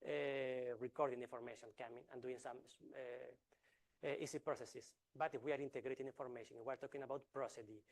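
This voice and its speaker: Here a man with a mid-range, steady voice presents research the way an academic lecturer would. His step-by-step explanation is dotted with fillers, false starts and intentional pauses.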